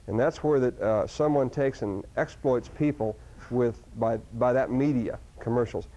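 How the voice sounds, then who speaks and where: A man giving a live seminar talk to an audience, animated, with sudden loud outbursts and frequent restarts. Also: mid-range voice, normal speed. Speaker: seminar speaker. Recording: dull lo-fi recording.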